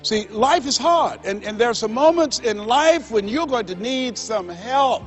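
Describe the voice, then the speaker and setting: A man's voice: extremely high pitch, animated, unhurried, highs cut off, soft background music. An older man giving a motivational speech, emphatic and rhythmic, repeating his key lines like a preacher. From United States. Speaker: motivational speaker.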